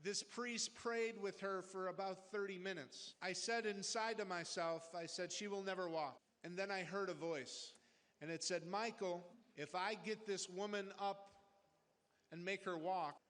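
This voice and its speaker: A man in his forties giving a personal testimony in a plain, deliberate way. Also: high-pitched, a bit bright. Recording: reverberant hall.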